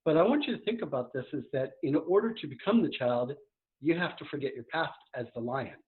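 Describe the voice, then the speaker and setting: A man coaching live on a podcast, talking a million miles an hour. His voice sits a little high, and it comes through a narrow, tinny remote line. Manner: fast, energetic, talks a million miles an hour.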